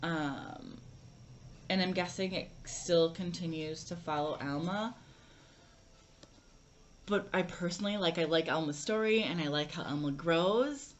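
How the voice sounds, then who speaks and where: Young woman, low voice, slow unhurried talk, rambling with ums, casual book chat, faint room hum. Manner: rambling, many fillers and restarts. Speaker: book vlogger.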